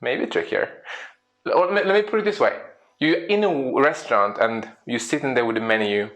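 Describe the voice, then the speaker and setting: Man, speaker and coach, lively storytelling talk, questions to the audience, middle pitch. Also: normal speed. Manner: lively, acts out little scenes in quoted voices. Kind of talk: storytelling presentation.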